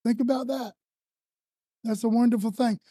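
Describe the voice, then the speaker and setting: Guy preaching, chatty and loose, mellow tone, dry close sound. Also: very high-pitched, steady tone, normal speed, slightly rough, no room sound. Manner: conversational preaching, says "man" and "you know" often. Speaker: pastor. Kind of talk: sermon.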